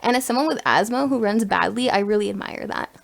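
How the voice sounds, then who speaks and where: Animated young woman telling a story. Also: mid-range voice, fast, gravelly. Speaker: podcast co-host. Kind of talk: casual chat and storytelling.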